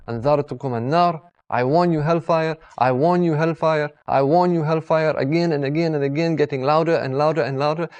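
A man's voice: on the high side, creaky, darkish tone. A man giving an earnest religious talk, repeating key phrases and adding pious blessings after names. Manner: earnest, repetitive, with pious formulas. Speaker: preacher. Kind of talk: sermon.

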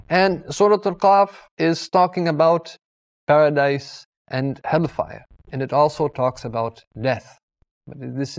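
A man's voice: on the high side, vocal fry. A man giving an earnest religious talk, repeating key phrases and adding pious blessings after names. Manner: earnest, repetitive, with pious formulas. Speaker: preacher. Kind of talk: sermon.

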